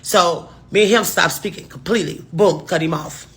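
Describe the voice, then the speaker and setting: A woman's voice: lowish voice, moderate pace, a bit bright, slightly rough. A woman telling a casual storytime to her viewers, rambling through restarts and asides and swearing freely. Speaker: storytime vlogger.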